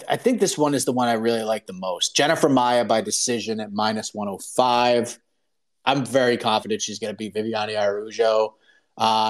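A man hosting a show, chatting casually and rambling through his betting picks, laughing as he talks. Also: medium pitch. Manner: relaxed, rambling, laughs while talking. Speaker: podcast host. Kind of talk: casual chat about fight betting.

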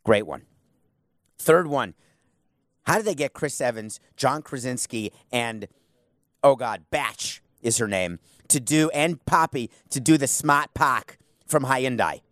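A man's voice: medium pitch, expressive, slow pace, fairly bright tone, no echo, clean studio sound. A man giving his own chatty, opinionated rundown as a commentator, with self-deprecating asides.

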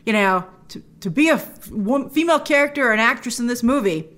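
A woman giving a casual film review to camera, chatty and animated, acting out her own reactions. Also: a little high, brisk.

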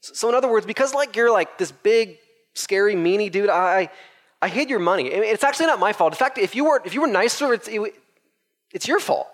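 Man doing a whiny servant, defensive, excuse-making, higher voice, echoey hall. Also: lively intonation, brisk. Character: whiny defensive male servant shifting blame.

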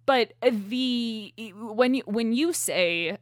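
A woman co-hosting a podcast in casual chat, animated and laughing often, often restarting her sentences as she talks into a shared microphone. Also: medium pitch, extremely slow, few pauses, dry recording, clean studio sound. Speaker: podcast co-host. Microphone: shared single microphone.

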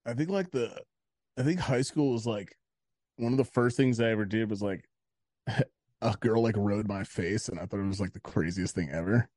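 A man's voice: on the low side, normal speed, mellow, no echo, studio quality. A man co-hosting a podcast, telling stories casually with lots of swearing and acted-out quotes. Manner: profane storytelling, acts out quotes. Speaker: podcast co-host. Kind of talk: casual chat.

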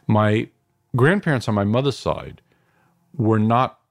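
A man's voice: fairly low pitch, expressive, measured pace, vocal fry, no room sound, clean studio sound. A middle-aged man from New York, a filmmaker reflecting at length in an interview, digressive with frequent restarts and asides. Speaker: filmmaker guest.

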